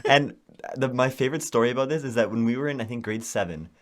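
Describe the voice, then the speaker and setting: A man's voice: mid-range voice, fast. A young man co-hosting a podcast, telling a story in casual chat and laughing often. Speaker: podcast co-host.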